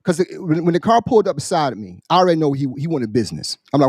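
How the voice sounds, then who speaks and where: A man, a military veteran, on a podcast, casually telling a story in an animated, profane way and acting out the people in it. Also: on the high side, fast talker, husky, dry recording, studio quality. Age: adult, military veteran. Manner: animated, profane, acts out quoted voices. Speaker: podcast co-host.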